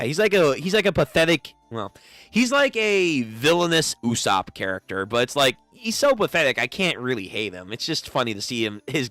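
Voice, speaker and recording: A man's voice: medium pitch, pushed and bright, dry recording. Joking, foul-mouthed young man reacting. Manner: joking, profane, laughs often. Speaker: reaction streamer. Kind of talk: casual reaction commentary.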